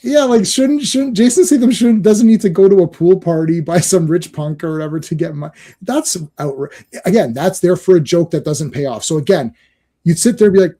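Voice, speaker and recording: Man, high voice, mellow tone, casual movie chat, stammering restarts. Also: animated, a little fast. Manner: rambling, stammering restarts, mocking quoted voices. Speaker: podcast co-host.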